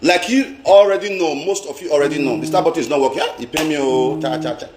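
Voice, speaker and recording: Nigerian man, high pitch, emphatic live-stream vlogger, echoey room. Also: fast talker, a crowd in the background. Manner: emphatic, repeats phrases, mixes in pidgin. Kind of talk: casual live-stream rant. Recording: roomy echo.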